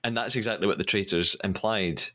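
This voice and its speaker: A man's voice: fairly low pitch, fairly quick, bright, forceful tone. A man hosting a podcast, recapping episodes in a chatty, storytelling way and laughing often. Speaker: podcast host.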